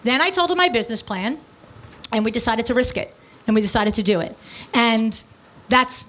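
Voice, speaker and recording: A middle-aged woman, an interior design business owner and podcast host, telling a story in a breezy, blunt, animated way, with quick asides. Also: high-pitched, slight background noise. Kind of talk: casual storytelling.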